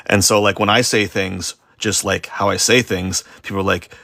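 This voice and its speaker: A man with a low, gravelly voice talks loosely as he draws on a livestream. He wanders off topic, pokes fun at himself and restarts his sentences often. The sound is close and dry, with no room around it. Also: fairly even intonation, brisk, hardly any pauses, fairly bright tone, no echo. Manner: rambling and self-deprecating, with many fillers and restarts. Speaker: artist streaming a live drawing session. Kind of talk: casual rambling chat while sketching.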